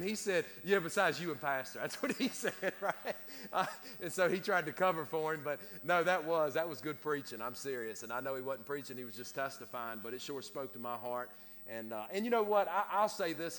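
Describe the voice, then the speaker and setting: Rambling preacher in echoing church. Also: male voice, mid-range voice, fairly bright tone. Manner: rambling, self-deprecating, joking with the congregation. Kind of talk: sermon with casual asides. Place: church sanctuary. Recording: long church reverb.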